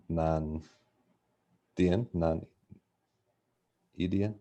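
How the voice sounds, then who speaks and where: A man's voice: deep voice, steady tone, very slow, dark tone. A man, a student in a video-call language lesson, hesitant and searching for words.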